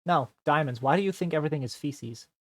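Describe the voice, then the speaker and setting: Deadpan, teasing male streamer. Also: fairly high pitch, quick pace, no room sound. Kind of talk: role-play stream.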